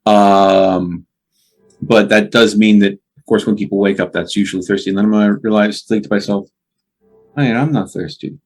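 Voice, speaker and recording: A man playing a tabletop game, thinking aloud in a contemplative, measured way as he describes his character. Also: lowish voice, flat delivery, soft background music.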